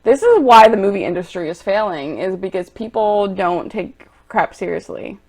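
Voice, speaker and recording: A woman's voice: medium pitch, expressive. Young female vlogger, exasperated ranter, talks to camera. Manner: exasperated, ranting, goes loud and quick when annoyed. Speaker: movie vlogger. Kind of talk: reacting to online reviews.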